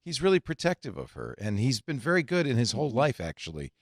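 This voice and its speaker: A man's voice: mid-range voice, wildly swooping pitch, fast, gravelly, no echo, studio quality. An older man hosting a casual tech podcast, reading headlines aloud and adding joking asides. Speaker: podcast host.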